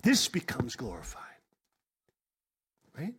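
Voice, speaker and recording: A man preaching a sermon through a live interpreter, speaking emphatically and jumping between loud and soft. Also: mid-range voice, wildly swooping pitch, slow.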